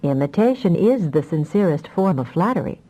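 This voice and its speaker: A woman reading an audiobook voices a calm, affectionate husband who talks in a gentle, teasing way. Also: fairly low pitch, moderate pace, low-quality recording. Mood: gently teasing.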